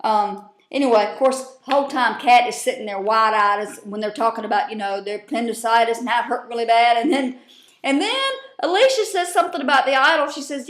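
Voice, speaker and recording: A woman's voice: a little high, a little fast. A woman, recapping a TV show in a casual vlog, blunt and profane with lots of rambling fillers. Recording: roomy echo.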